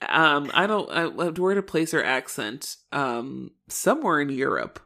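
A woman's voice: deep voice, animated, slow pace, gravelly, sharp tone. Rambling woman podcast co-host. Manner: rambling, many restarts and fillers. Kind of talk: casual rewatch podcast chat.

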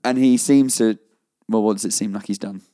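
A man's voice: fairly low pitch, steady tone, a little fast, dark tone. A man, co-hosting a casual podcast chat, talking with eager enthusiasm and frequent laughter. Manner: enthusiastic, rambling, laughs often. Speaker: podcast co-host. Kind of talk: casual chat recapping a TV episode.

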